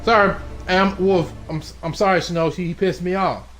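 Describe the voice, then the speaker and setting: A young man streaming a game, yelling loud profane trash-talk at the screen. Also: high voice, steady tone, moderate pace. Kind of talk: live game-stream commentary. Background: game music.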